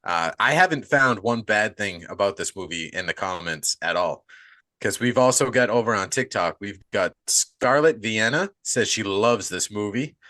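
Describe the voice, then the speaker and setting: A man's voice: on the low side, expressive, moderate pace, bright, forceful tone, no echo. A man hosting a horror movie podcast in loose, casual chat, swearing freely and joking around. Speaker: podcast host.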